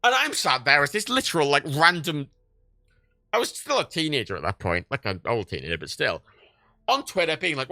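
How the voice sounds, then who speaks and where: A man in his late twenties tells a story live on stream in loose, sweary chat. His voice has a gravelly, fry-edged texture and a bright, forceful tone. His pitch leaps around as he gets into it, and the sound is dry and close. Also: fairly quick, no echo. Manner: animated storytelling, swears a lot, laughs often. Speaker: livestream host. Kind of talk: casual livestream chat.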